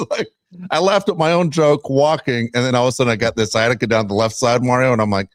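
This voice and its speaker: A man's voice: mid-range voice, quick pace, dry recording, studio quality. A middle-aged man hosting a casual sports podcast, telling stories and ranting with frequent laughs. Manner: animated storyteller, ranting, laughs often. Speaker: podcast host.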